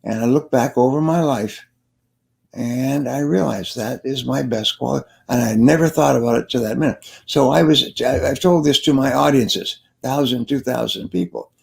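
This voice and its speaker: An older man with a gravelly edge to his voice speaks as a guest in an interview. He sounds earnest, coaching listeners on sales and repeating his key phrases for emphasis, at an ordinary mid-range pitch. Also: normal speed, a little mellow. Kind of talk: interview, storytelling advice.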